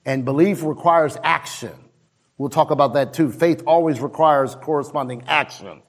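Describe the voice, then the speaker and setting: A man delivers a sermon in a slightly higher voice. He leans hard on key phrases, drawing them out slowly, and his pitch jumps up sharply to drive each point home. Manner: emphatic, slowing on key phrases and swinging his pitch high for emphasis. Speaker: pastor.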